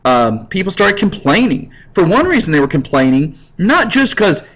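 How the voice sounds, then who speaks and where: A man's voice: sits high, sing-song, moderate pace, fairly bright tone, rough recording. A man teaching a history lecture in a casual, jokey way, acting out little scenes. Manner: jokey, acts out scenes in voices. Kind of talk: recorded classroom lecture.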